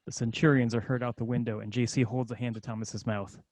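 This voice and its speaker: A man's voice: mid-range voice, little pitch movement, fast talker, a little mellow, dry recording. A man narrating screenplay stage directions in a matter-of-fact way.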